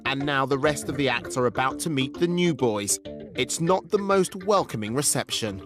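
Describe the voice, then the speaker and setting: A man's voice: mid-range voice, lively intonation, normal speed, music in the background. A man giving scripted documentary narration in a wry, tongue-in-cheek manner.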